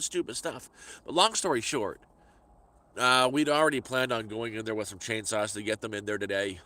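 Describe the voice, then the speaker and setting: A man's voice: lowish voice, bright, forceful tone. A middle-aged man telling a story in a casual vlog, exasperated and ranting, often repeating words as he talks into a phone he holds. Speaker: vlogger. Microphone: phone held by hand.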